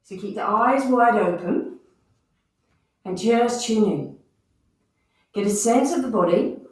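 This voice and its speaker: A woman leads a guided movement and breathing class, calling out and counting each movement and breath cue as she goes in an instructive way. Her voice is on the high side, slow and a little mellow. She's recorded from a distance, off the mic, in a very echoey room.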